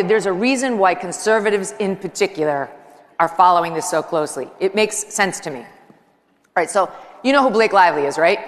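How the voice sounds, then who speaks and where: A woman who hosts a talk show, giving a chatty, joking live speech on stage into a handheld microphone. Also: mid-range voice. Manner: chatty, joking, excitable, rambling asides. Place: large live event hall with an audience. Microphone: handheld microphone while walking. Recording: long reverb of a large hall.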